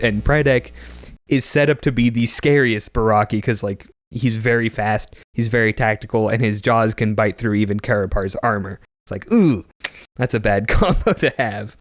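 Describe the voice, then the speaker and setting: A man's voice: lowish voice, normal speed, dry recording, studio quality. A man co-hosting a podcast, recapping a story in casual chat, laughing often and slipping into character voices.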